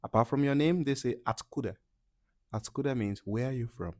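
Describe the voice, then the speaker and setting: A young man from Nigeria, casually teaching travel phrases to camera in an animated, playful way with loud acted-out reactions. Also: mid-range voice, quick pace, dry recording, studio quality. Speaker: language teacher.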